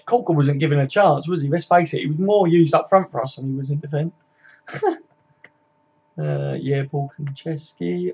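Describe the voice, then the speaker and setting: A man's voice: a little high, gravelly, mellow, slightly rough, dull audio. A man hosting a casual live football chat, reading and answering viewer comments by name, swearing freely and laughing often. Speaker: livestream host.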